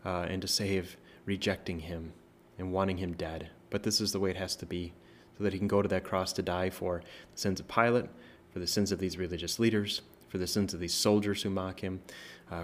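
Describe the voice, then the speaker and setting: A man's voice: sits low, fairly even intonation, brisk, slight background noise. A man speaking as a pastor, walking through a Bible passage in a loose, conversational way, full of fillers and tag questions. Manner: prays softly at the close. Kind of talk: informal Bible teaching.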